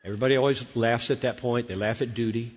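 A man in his sixties preaching a sermon, telling a story animatedly, acting out dialogue and repeating words when excited. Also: mid-range voice, fast, noisy background. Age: 60s. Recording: dull sound with long hall reverb.

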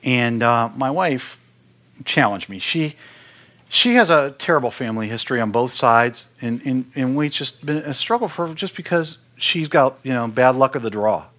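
A man's voice: medium pitch, lively intonation, normal speed, a bit bright. A middle-aged man giving an earnest, conversational sermon-style talk, often repeating words as he stresses a point. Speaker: worship ministry speaker.

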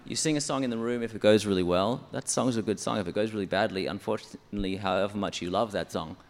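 A man's voice: lowish voice, fast, big-room sound. A man who writes songs for church, explaining his method step by step in an interview. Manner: methodical, explanatory, counts syllables aloud. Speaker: church songwriter.

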